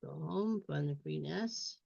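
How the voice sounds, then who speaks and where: Slow, gravelly woman walking through a lesson. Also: deep voice, warm tone, no echo. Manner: slow, stepwise, repeats sounds and words. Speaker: reading tutor. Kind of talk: instructional screen walkthrough. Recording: dull lo-fi recording.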